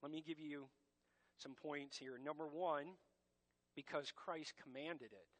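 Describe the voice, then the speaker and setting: A man's voice: on the high side, steady tone, a little slow, a bit bright. A man preaching a sermon as pastor, emphatic and direct, addressing his congregation as church.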